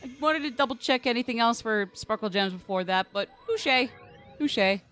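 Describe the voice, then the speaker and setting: A woman's voice: on the high side, brisk, a bit bright. A woman streamer giving casual, rambling gameplay commentary, full of "like" and playful swearing.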